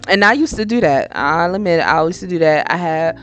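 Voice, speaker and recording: Over soft background music, a podcast host speaks a little fast in a fairly low female voice. She dishes out blunt, slang-filled advice in an easygoing monologue, lively throughout and breaking into impressions now and then.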